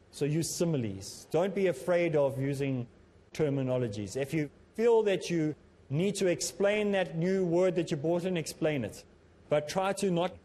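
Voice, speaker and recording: A man presenting a televised lesson on public speaking, talking in a measured, instructive way that he himself calls a bit monotonous. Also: on the high side. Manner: self-described as a bit monotonous. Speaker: Islamic teacher and TV presenter.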